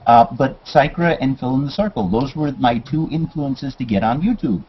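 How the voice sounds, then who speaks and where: A man's voice: mid-range voice, moderate pace, slight background noise. A man guesting on a casual livestream, earnest and a bit self-deprecating, talking over a computer mic on a voice call. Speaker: guest artist. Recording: dull lo-fi call audio.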